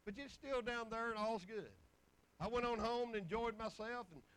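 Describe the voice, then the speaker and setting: A man's voice: extremely high pitch, moderate pace, a bit bright, clean tone, low-quality recording. A middle-aged man, preaching a folksy, rambling testimony full of scripture. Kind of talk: sermon.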